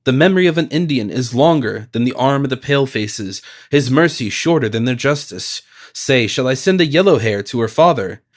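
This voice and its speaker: Brief: man reading as a fierce warrior captor, taunting and menacing, mid-pitched, audiobook delivery. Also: expressive, normal speed, close to an everyday voice. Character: fierce vengeful male Huron warrior.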